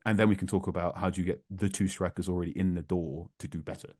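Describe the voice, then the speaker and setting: Low-voiced football journalist, animated. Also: male voice, fast, slightly rough, no echo, clean studio sound. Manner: animated, repeats words for emphasis. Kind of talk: conversational podcast analysis.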